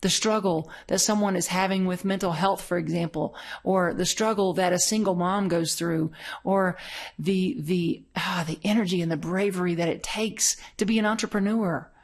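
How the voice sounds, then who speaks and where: A middle-aged woman minister delivers a conversational sermon full of stories, laughing often. Her voice is fairly low in pitch, with fairly even intonation at a moderate pace.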